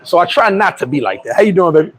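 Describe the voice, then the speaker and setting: An American man hosting a casual livestream. He rambles through viewer comments and shout-outs, often restarting and chuckling. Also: high voice, big pitch swings, fast talker, a crowd in the background, low-quality recording. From United States. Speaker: livestream host.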